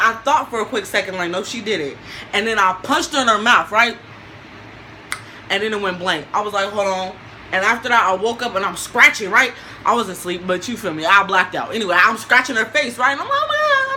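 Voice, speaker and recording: Young woman storyteller, casual vlog, bright and sharp voice, animated, slangy, faint background noise. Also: mid-range voice, low-quality recording.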